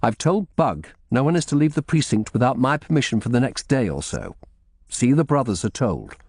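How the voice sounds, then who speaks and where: A shrewd, commanding middle-aged lawyer, voiced by a man, pressing his questions firmly. The pitch sits higher than a plain narration and moves in lively swings. The sound is dry and close. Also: moderate pace, no echo. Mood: probing. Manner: firm, probing questions.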